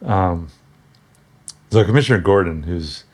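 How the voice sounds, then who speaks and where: A man with a deep, low-pitched voice talks through an old comic book in a loose, offhand way. He jokes and chuckles as he goes, stopping often on ums and correcting himself mid-sentence. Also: lively intonation, a little slow, breathy edge. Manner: rambling, joking, chuckles often; hesitant, frequent ums and self-corrections. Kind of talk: casual comic book commentary.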